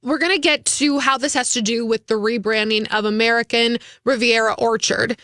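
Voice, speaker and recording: A woman's voice: a little high, fairly even intonation, normal speed, sharp tone, no room sound, studio quality. A woman from Minnesota co-hosting a casual radio gossip chat, talking chattily and acting out quotes in voices. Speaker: radio show co-host.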